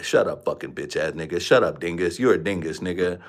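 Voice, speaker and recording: A man rambling through crude trash talk on a home livestream, his voice sitting at an ordinary pitch. He talks into a desk mic in a room at home, loose and unfiltered. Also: fairly quick. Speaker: livestream host. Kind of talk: crude casual livestream chat. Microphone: desk microphone.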